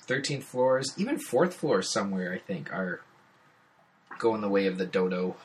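A man co-hosting a podcast in relaxed casual chat, often agreeing with short affirmations. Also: fairly low pitch, normal speed. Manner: laid-back, agreeable, frequent short affirmations. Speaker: podcast co-host.

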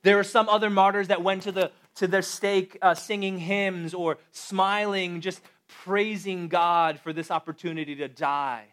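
A man's voice: high voice, unhurried, hardly any pauses, smooth. A man preaching a conversational sermon, talking straight to his listeners and asking them questions. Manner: conversational, animated, addresses the audience directly. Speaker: pastor.

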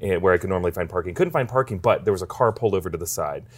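A young man co-hosting a relaxed podcast, his voice sitting a little on the low side. He tells stories with lots of laughter and acts out the people in them. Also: very fast. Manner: animated storyteller, acts out voices and laughs often. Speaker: podcast co-host. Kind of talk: casual chat, storytelling.

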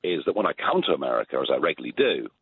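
A man's voice: extremely low pitch, very animated, racing, vocal fry, slight background noise. A British man in his sixties giving emphatic political opinions in a radio interview, chuckling and repeating words. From England. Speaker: phone-in political guest. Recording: tinny phone line.

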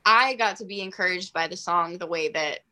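Young woman, bright, tense tone, chatty interview guest peppering every line with "like.". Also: lowish voice, fairly quick. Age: 20s. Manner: chatty, heavy use of "like", animated. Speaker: singer-songwriter guest. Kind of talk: casual interview storytelling.

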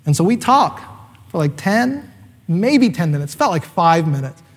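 A man's voice: high voice, very animated, measured pace, in a large hall. A man in his thirties, a pastor, preaching a sermon as a chatty personal story, with fillers and acted-out quotes.

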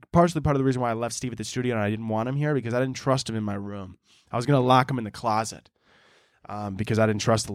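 A man's voice: mid-range voice, no room sound. A man hosting a solo podcast, talking casually in a rambling, profane, joking way into a close mic. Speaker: podcast host.

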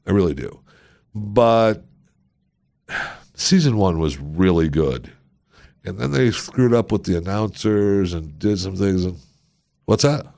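Male podcast host, lowish voice, casual and self-deprecating, playful asides. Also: lively intonation, slow, vocal fry, pauses often, darkish tone. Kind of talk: casual solo podcast chat reading listener reviews.

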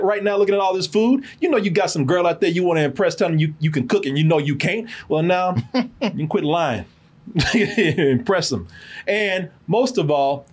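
A man hosting a casual movie review podcast, joking and animated, laughing often. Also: a little high, slightly rough. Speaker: podcast host and film reviewer.

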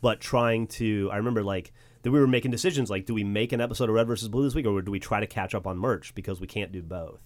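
A man talks quickly and freely in a casual podcast chat, spinning animated anecdotes. He acts out the people in his stories as he goes. The sound is close and dry. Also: fairly low pitch, no echo. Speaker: company co-founder on a podcast.

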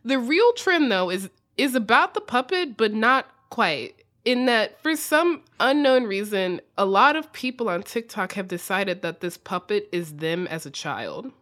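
A woman's voice: medium pitch, animated, a little slow, hardly any pauses, fairly bright tone. A woman with an American accent hosting a podcast, chatting casually, reading listener questions and often saying "like". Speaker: podcast host. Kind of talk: casual chat.

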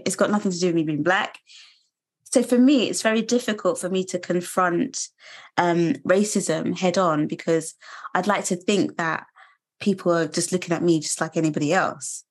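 British woman, thirties, lowish voice, earnest and reflective, pauses often. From United Kingdom. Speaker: guest. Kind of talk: candid interview conversation.

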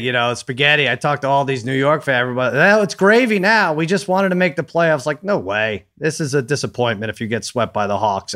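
A man co-hosting a casual sports betting podcast, animated and quoting others as he talks. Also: mid-range voice. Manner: animated, quotes people in put-on voices. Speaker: podcast co-host.

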